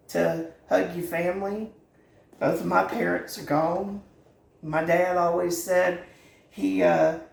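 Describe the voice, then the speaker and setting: A woman's voice: fairly low pitch, gravelly, darkish tone, echoey room. A middle-aged woman, hosting a home cooking channel in a folksy, earnest and sentimental chat from her kitchen. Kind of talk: heartfelt direct-to-camera chat.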